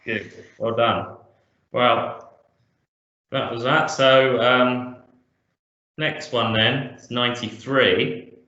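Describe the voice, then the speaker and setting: Bright, jokey man in an echoey room. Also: mid-range voice, fairly even intonation, very slow, long pauses, lo-fi sound. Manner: jokey, enthusiastic, laughs easily. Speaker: podcast co-host. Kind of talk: casual music chat.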